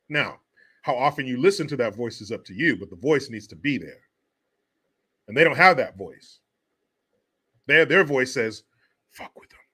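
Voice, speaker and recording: A man's voice: mid-range voice, pushed and bright. A man hosting a comedic political commentary show, talking in a crude, sarcastic way and laughing often. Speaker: host.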